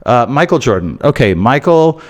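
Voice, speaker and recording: A man's voice: medium pitch, big pitch swings, normal speed. A man with an American accent hosting his football channel, talking straight to his viewers in an emphatic, repetitive way with many "uh"s and "okay"s. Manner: emphatic, repeats points, frequent "uh" and "okay". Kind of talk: casual opinion monologue to camera.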